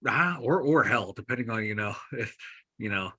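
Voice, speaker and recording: A man with a Pittsburgh accent co-hosting a podcast, bantering excitedly about sports with jokes, swearing and rambling restarts. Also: mid-range voice, moderate pace, slightly rough. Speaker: podcast co-host.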